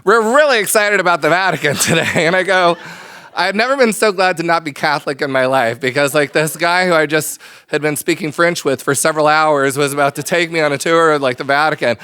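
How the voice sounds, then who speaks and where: A man telling a funny personal story on stage at a microphone, his voice smooth and resonant and a touch higher than most men's. He rambles along in a chatty, self-deprecating way, laughing often. The sound is close and dry. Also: fairly quick, bright, forceful tone, no echo. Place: stage before a live audience.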